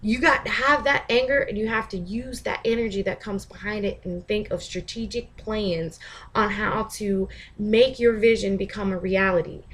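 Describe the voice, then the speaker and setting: A woman's voice: medium pitch, moderate pace. Blunt, profane woman vlogging. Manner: blunt, profane, laughs often; animated, mimics others in shouted asides. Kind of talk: casual vlog monologue.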